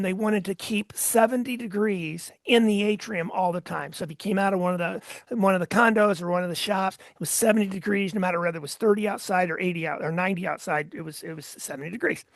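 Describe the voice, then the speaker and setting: A man with a gravelly, creaky voice tells a story as a podcast guest, stumbling over restarts as he acts out who said what. His voice is recorded close and dry, with no room sound. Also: high-pitched, a little fast, few pauses, dry recording. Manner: chatty storyteller with many restarts and quoted dialogue. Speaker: guest, sales leadership coach. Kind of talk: conversational storytelling in a podcast interview.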